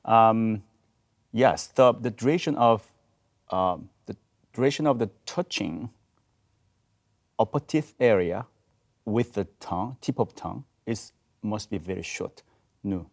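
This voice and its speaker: A man speaking on a diction panel in a studio, halting and searching for words as he demonstrates syllables aloud. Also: lowish voice, vocal fry. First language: Korean. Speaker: roundtable panelist, choir teacher. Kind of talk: explaining diction at a panel discussion. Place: video studio.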